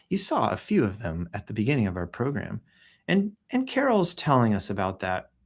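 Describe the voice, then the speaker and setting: A man hosts a relaxed live stream, reading out news items and viewer posts. His delivery is offhand and playful, broken up by hummed sound effects and frequent throat clearing. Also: medium pitch. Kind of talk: casual live-stream commentary. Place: at home in Texas.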